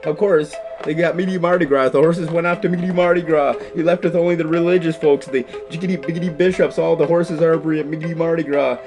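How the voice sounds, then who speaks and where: A man's voice: fairly high pitch, steady tone, quick pace, hardly any pauses. Goofy man commentating chess over music. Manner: goofy, peppers speech with rhyming nonsense words. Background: clear background music.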